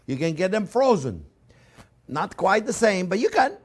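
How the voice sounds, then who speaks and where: A man's voice: high-pitched, sing-song, moderate pace. A man hosting a cooking show, effusive and crooning over his food in a casual demonstration. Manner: often drops to soft murmurs over the dish.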